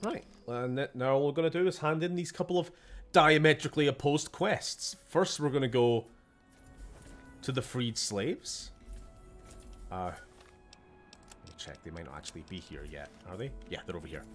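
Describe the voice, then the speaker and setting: While streaming a game, a young man from Scotland chats loosely, talking to himself and swearing softly with a sarcastic bite. He sounds animated, medium-pitched and a bit bright at a normal speed, with faint music in the background.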